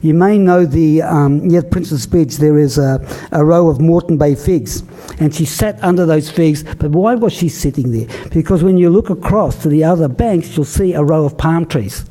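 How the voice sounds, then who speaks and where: An older man giving a public lecture, telling a story in a halting way with many restarts and fillers. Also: fairly high pitch, dark tone. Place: lecture hall.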